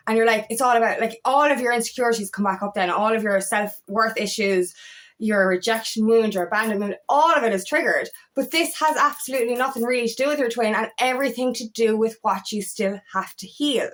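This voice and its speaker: A woman's voice: on the high side, moderate pace, a bit bright. A woman coach talking casually to camera, emphatic and swearing freely, with exasperated outbursts. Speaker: feminine empowerment coach.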